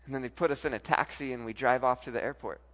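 A man telling a personal faith story to a live audience, animated, often repeating words and acting out what people said. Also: mid-range voice, fast, long reverb tail.

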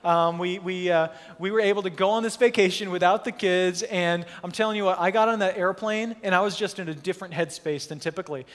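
A man in his thirties, a pastor telling a story in a lively, self-mocking sermon at church. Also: high-pitched, fairly quick, hardly any pauses. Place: church hall. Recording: long hall reverb.

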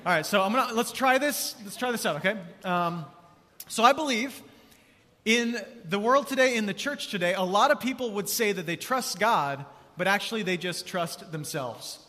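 A man preaching to a large congregation in a casual, energetic way, with a high, bright voice. His words ring out with a long church-hall reverb trailing after them. He keeps prompting the crowd to answer back. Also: a little hiss or hum. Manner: energetic, conversational, calls for crowd response. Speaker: pastor. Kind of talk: sermon.

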